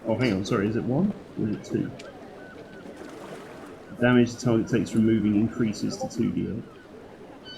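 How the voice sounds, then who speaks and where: A man's voice: fairly low pitch, steady tone, normal speed, vocal fry, long pauses, noisy background. A man playing in a tabletop game, speaking with dry understated humor. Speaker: player. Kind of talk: casual tabletop game play.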